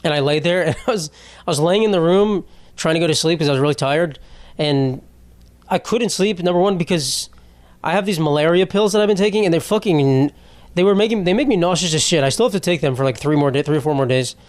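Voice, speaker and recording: Man, comedy podcast host, fairly high voice, profane, rambling, laughs at his own stories, dry close sound. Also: fast, darkish tone, no room sound.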